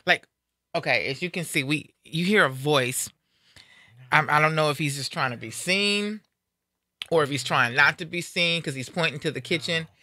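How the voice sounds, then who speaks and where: A woman's voice: sits low, normal speed, pushed and bright, dry recording. A middle-aged woman hosting a live talk show in a casual, upbeat, playful way. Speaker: radio show host.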